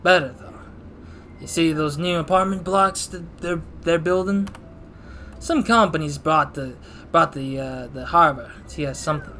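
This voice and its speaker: A man voicing a gruff old male harbor sailor with an odd, shifting put-on accent, grumbling about new rules. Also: high voice, big pitch swings, takes it slowly, long pauses, pushed and bright, slight background noise, voice pushed up, heavily acted.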